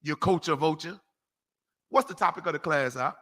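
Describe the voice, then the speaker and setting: Emphatic slangy preacher man, bright voice. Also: a little high, normal speed. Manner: animated, slangy, emphatic, calls for scripture readings. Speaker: street preacher teaching a class. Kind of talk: preaching lecture.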